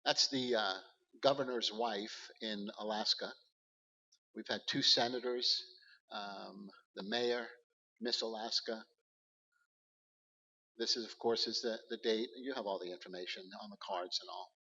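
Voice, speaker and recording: Gravelly man giving an earnest church talk. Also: on the low side, fairly even intonation, pushed and bright, big-room sound, lo-fi sound. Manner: earnest, halting, with many fillers. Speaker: guest speaker at a church. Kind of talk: church talk with slide presentation.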